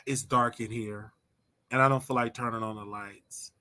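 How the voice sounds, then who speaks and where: A man's voice: medium pitch, fairly even intonation, unhurried, sharp tone. A man hosting his own livestream, talking casually to viewers in a playful, rambling, teasing way. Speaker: livestream host.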